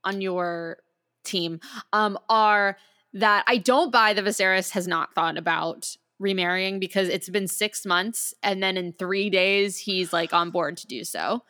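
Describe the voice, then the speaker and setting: Woman, mid pitch, casual podcast chat, enthusiastic, long run-on thoughts. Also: unhurried, bright, forceful tone. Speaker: podcast co-host.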